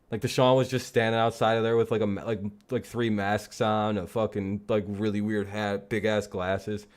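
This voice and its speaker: A man's voice: fairly low pitch, level tone, moderate pace, hardly any pauses. A man hosting a casual live football talk stream, rambling and joking with plenty of swearing. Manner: rambling, profane, laughing jokily. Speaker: streamer and host.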